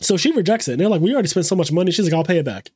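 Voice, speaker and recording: Podcast co-host, male, higher register, lively storyteller, dry booth sound. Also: slightly rough, no room sound. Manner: animated retelling, quick asides, frequent swearing. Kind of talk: casual chat.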